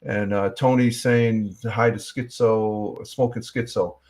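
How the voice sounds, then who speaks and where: A man's voice: on the low side, steady tone, slow, a little mellow. A man hosting a casual morning livestream, rambling with many fillers and reading the chat aloud. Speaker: livestream host. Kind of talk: casual live-stream chat.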